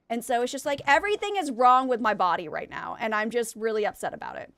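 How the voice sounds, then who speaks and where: A woman's voice: mid-range voice, lively intonation, fast, hardly any pauses, a bit bright, clear, resonant tone, dry recording, studio quality. A young adult woman streaming a game and chatting candidly with her viewers, venting emotionally and often restarting her sentences. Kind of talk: casual chat with viewers while gaming.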